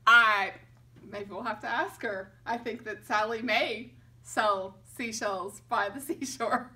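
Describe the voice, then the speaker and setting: A woman's voice: fairly high pitch, fairly even intonation, slow pace. A woman teaching a children's Bible class, singing kids' songs and chatting cheerfully with a giggle. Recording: distant mic with loud background noise.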